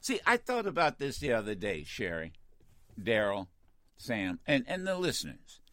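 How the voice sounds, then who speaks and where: A man's voice: mid-range voice, huge pitch swings, normal speed, sharp tone, no room sound. A man hosting a call-in talk radio show, talking in a combative, emphatic way and often repeating himself.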